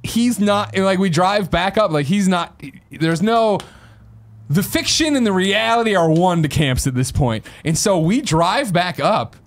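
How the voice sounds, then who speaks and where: Man, 30s, from the Midwest, podcast host, comic storytelling, very lively pitch, excitable, swearing. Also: a little slow. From American Midwest. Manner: excitable, laughs through his story, swears freely.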